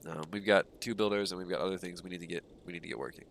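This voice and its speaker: Deep-voiced man, stuffy, casual streamer. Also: very fast, a little hiss or hum. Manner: relaxed, rambling, frequent ums and uhs. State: stuffy nose. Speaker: gaming streamer. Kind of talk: casual livestream commentary while playing.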